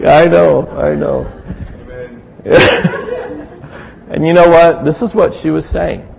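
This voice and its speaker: A man's voice: a little high, takes it slowly, creaky, a little hiss or hum. A man preaching a sermon as pastor, telling stories animatedly and acting out voices, in a church hall. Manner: animated storytelling, acts out voices. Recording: dull recording with long hall reverb.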